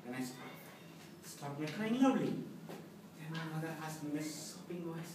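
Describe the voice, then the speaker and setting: A man's voice: fairly high pitch, expressive, moderate pace. A middle-aged man giving a humorous prepared speech to a club, telling stories with acted quotes. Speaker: club speaker. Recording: echoey hall from far off, background noise.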